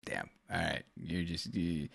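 A man's voice: sits low, little pitch movement, unhurried, creaky, fairly bright tone, slightly rough. A man hosting a casual stream chat, laid-back and teasing as he reads out viewer questions. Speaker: streamer host.

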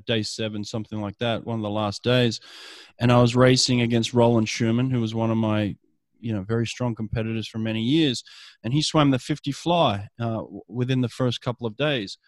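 A man's voice: mid-range voice, no echo. A middle-aged man, a swim coach telling stories in casual conversation, often restarting his phrases. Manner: storytelling, frequent restarts.

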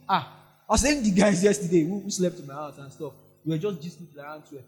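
Nigerian pastor guy preaching, kinda high voice, goes quiet then loud, faint music under it. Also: quick pace. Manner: animated, swings from soft asides to loud outbursts. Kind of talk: sermon.

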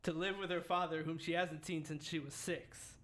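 Bright-voiced man casually telling a story. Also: on the high side, fairly even intonation, normal speed. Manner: storytelling, loose and joking, swears freely. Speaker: podcast co-host telling a true-crime story. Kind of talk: casual profane chat.

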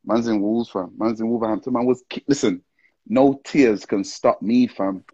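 A man hosting a casual livestream, tipsy and excitable, heavy on slang as he calls out to viewers. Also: lowish voice, normal speed, husky. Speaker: livestream host. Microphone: live stream with call-ins. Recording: dull lo-fi stream audio.

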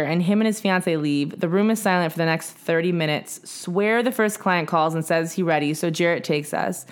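A woman hosting a podcast, reading a wild story aloud in casual chat, lively and blunt with slang and swearing. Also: lowish voice, moderate pace, few pauses. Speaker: podcast host.

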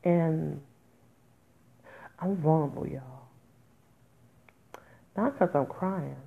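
A woman with a low, gravelly voice hosts a podcast and talks from the heart. She speaks in an informal, conversational way and keeps breaking into raw, emphatic bursts. The sound is thin and tinny, as if it came through a phone line. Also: drawn-out words. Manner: raw, candid, emphatic with sudden loud outbursts. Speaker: podcast host. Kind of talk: emotional personal monologue.

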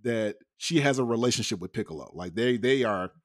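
A man co-hosting a podcast in casual chat, relaxed, retelling scenes. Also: medium pitch, a little fast, no echo, clean studio sound. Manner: relaxed, storytelling. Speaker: podcast co-host.

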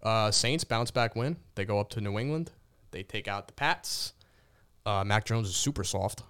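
A man's voice: lowish voice, moderate pace, a bit bright, clean tone. A man co-hosting a casual sports podcast, rambling through game recaps. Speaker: podcast co-host.

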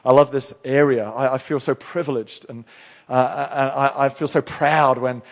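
A man's voice: medium pitch, steady tone, moderate pace. A middle-aged male pastor preaching a sermon in church, talking in a conversational, storytelling way with frequent restarts.

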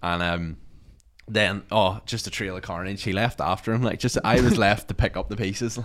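Animated young man storytelling. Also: lowish voice, moderate pace. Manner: animated storyteller acting out friends' lines. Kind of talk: casual storytelling chat.

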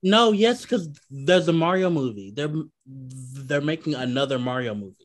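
A man co-hosting a podcast, ranting in casual chat with lots of swearing and animated outbursts. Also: mid-range voice, normal speed. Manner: profane, animated rants. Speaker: podcast co-host.

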